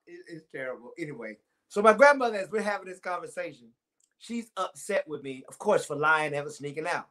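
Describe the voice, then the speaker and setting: A man's voice: fairly high pitch, animated, fairly quick, a bit bright. A man, chatting to viewers on a church livestream and telling a childhood story. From Timpson, Texas. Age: 40s. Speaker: pastor. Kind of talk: casual livestream talk to viewers.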